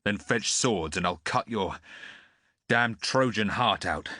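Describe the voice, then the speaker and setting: A man voicing a hard, wounded warrior in an audiobook, speaking in a harsh, cold, slow way. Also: low voice, bright, forceful tone, no echo, clean studio sound, heavily acted. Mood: menacing.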